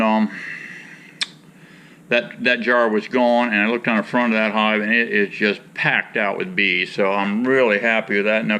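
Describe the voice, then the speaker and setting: A beekeeper vlogger from Michigan, with a medium-pitched voice that sounds pushed and bright, chats casually with viewers. Out in the hot sun, he rambles in a folksy way while mixing tea before working his bees.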